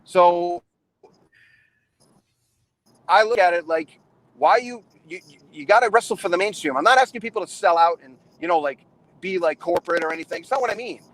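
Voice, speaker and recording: A man's voice: high voice, a little fast, long pauses, dry recording, low-quality recording. A middle-aged man hosting a wrestling trainers' chat, casually rambling and emphatic, with frequent restarts. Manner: rambling, restarts often, calls people man and brother; animated and emphatic. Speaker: wrestling trainer and show host.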